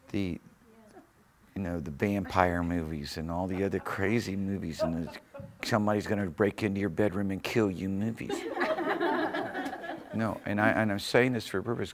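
A pastor preaching a fervent sermon in a church, surging loud on key phrases and chuckling between points. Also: male voice, low voice. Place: church sanctuary.

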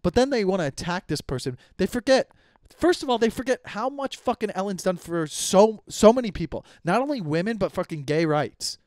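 A young man rants on his comedy podcast in a slightly high voice, swearing freely and tripping over his own sentences as he restarts them. The sound is close and dry, with no room around it. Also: animated, fairly quick, few pauses, darkish tone, no echo. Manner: profane, rambling with many restarts. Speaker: podcast host. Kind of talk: casual comedic rant.

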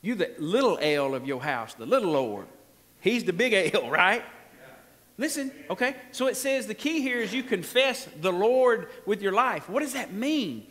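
Folksy pastor preaching with reverb. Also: male voice, sits high, big pitch swings, normal speed, a bit bright. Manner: folksy, emphatic, with frequent laughs and call-and-response. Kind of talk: sermon. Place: church sanctuary. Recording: long hall reverb in a church.

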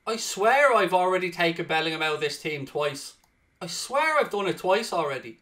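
A man giving let's-play commentary on a football game, swearing freely and swinging between low muttering and loud outbursts. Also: big pitch swings, normal speed. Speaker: gaming channel host.

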